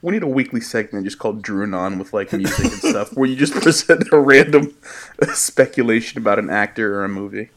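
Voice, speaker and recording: A man's voice: on the low side, very animated, fairly quick, a bit bright. A man from the Midwest co-hosting a podcast, chatting and musing about a movie. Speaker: podcast co-host. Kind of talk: casual movie chat.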